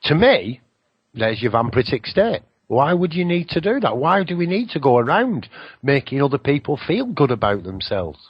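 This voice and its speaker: A man's voice: medium pitch, big pitch swings, moderate pace, breathy edge, dull audio. A man hosting a radio show, rambling through a spiritual monologue, swearing now and then and slipping into mocking voices for other people.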